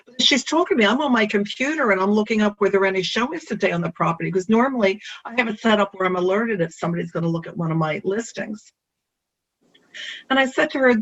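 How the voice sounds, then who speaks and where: Animated realtor telling a story on a dull recording. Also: brisk. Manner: animated storyteller, pitch jumping with emphasis. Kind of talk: personal anecdote.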